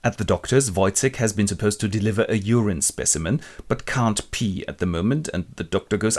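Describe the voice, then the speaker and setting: A man's voice: fairly low pitch, fairly quick, few pauses, a little mellow. A man retelling a classic play in a wry, colloquial, comic way. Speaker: literature presenter.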